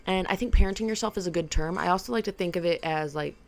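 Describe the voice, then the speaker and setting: A woman's voice: on the low side, fast talker. A woman vlogger talking casually and playfully to camera about self-improvement, rambling with lots of "like". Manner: rambling and playful, heavy use of "like".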